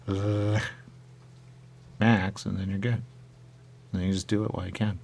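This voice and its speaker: A man's voice: deep voice, flat delivery, normal speed, gravelly, pauses often. A man hosting a radio show, rambling and musing aloud in casual chat.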